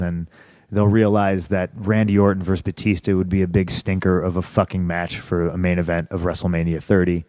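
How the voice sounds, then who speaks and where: A man's voice: sits low, a little fast, no room sound, clean studio sound. Profane, heated man telling stories. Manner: profane, heated, animated retelling with rising outbursts. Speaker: podcast guest. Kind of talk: candid storytelling interview.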